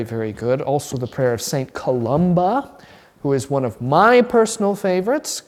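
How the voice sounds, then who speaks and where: Rambling middle-aged pastor teaching in a hall. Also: male voice, mid-range voice, darkish tone. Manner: conversational, rambling with restarts and asides. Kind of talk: teaching a Bible class.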